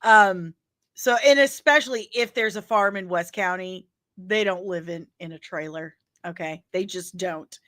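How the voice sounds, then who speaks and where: A woman's voice: fairly low pitch, unhurried, fairly bright tone. A woman from St. Louis with a St. Louis accent, hosting a daily comics news show in a casual ranting commentary, emphatic and exasperated, often ending her points with "okay?". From St. Louis, Missouri.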